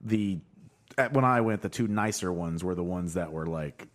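A man's voice: deep voice, moderate pace. A man chatting casually on a podcast, throwing in dry jokes. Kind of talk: casual chat.

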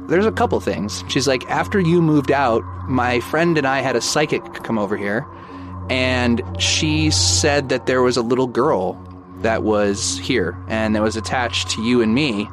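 A man in his thirties tells a personal ghost story in a loose, conversational way. He keeps slipping into quoted dialogue, and his voice sits at an ordinary middle pitch. Music plays underneath him. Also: normal speed. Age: 30s. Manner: casual and animated, acting out back-and-forth dialogue. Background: background music.

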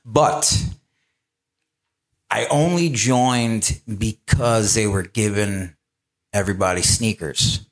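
A man's voice: fairly low pitch, slow pace, long pauses. A man speaking as a guest on a live panel, telling his own story candidly, with laughter and quoted asides.

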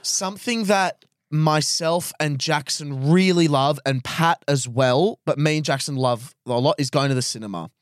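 A man's voice: on the high side, moderate pace, no room sound, studio quality. An Australian man hosting a podcast, steering the talk in a crude, bossy way. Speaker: podcast host. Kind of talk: casual chat.

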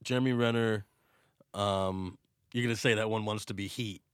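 A man chatting casually about movies, telling stories with sudden bursts of excitement and some swearing. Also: lowish voice, moderate pace, smooth, no room sound, studio quality.

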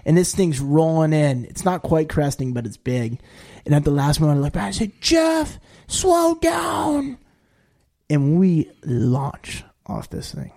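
Male podcast guest, somewhat high voice, chatty rambling storyteller. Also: brisk. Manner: rambling and animated, heavy use of "like", jumps to high-pitched quoted voices. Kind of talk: casual storytelling.

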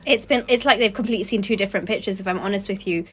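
A woman's voice: medium pitch, racing, fairly bright tone, husky. A woman co-hosting a cricket podcast, giving her views on play in a chatty, loosely phrased way. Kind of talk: casual sports discussion.

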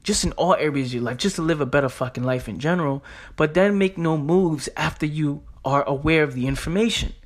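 New guy going off on his podcast, slangy and intense, kinda high voice. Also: a little fast. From New York. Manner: emphatic, street slang, repeats phrases. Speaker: podcast host. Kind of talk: motivational podcast monologue.

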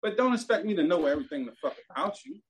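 A man's voice: high-pitched, very fast. A man, telling a story in casual, profane talk that turns heated. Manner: animated, profane, gets heated and loud.

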